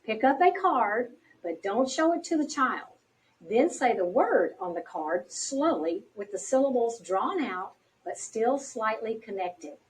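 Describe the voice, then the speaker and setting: Woman narrator, bright animated delivery, encouraging and clear, recorded a bit off-mic. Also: on the high side. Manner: slow, clearly paced, encouraging teacher talk. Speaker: instructional video narrator. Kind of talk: scripted instructional narration. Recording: distant from the mic.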